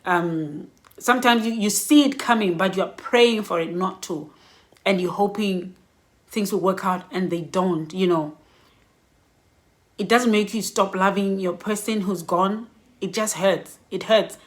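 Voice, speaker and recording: A woman's voice: mid-range voice, a little slow. Middle-aged woman vlogging advice, candid and reflective, laughs now and then. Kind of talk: personal advice vlog.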